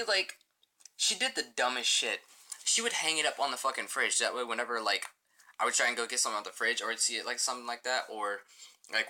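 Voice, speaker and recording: A man's voice: mid-range voice, bright, forceful tone. A young man rambling profanely through a casual storytime as a gaming channel host, full of filler words.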